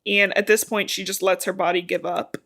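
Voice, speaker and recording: A woman's voice: mid-range voice, flat delivery, brisk, a bit bright. A young woman podcast co-host retelling a novel's plot in casual chat, swearing freely and acting out the characters' lines. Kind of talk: casual book recap chat.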